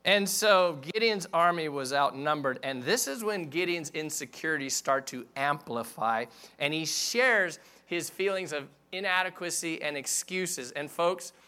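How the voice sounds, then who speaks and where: A middle-aged male pastor preaching in a candid, self-deprecating, conversational manner. His voice sits a little higher than most men's and sounds bright and forceful. He speaks directly to the congregation as if chatting with them. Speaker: senior pastor. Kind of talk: sermon.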